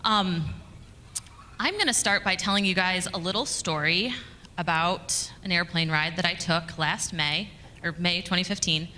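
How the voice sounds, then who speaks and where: A communications director speaks to a conference audience in a reverberant conference hall, with a little hiss or hum on the recording. Her fairly low, bright voice is forceful and a little slow. She tells her story chattily, with fillers and restarts.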